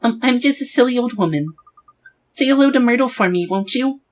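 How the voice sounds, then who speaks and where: A man's voice: very high voice, a little fast, voice pushed up, rough recording. A man voicing a fussy, gossipy old woman neighbor who chatters on sympathetically, in a game playthrough.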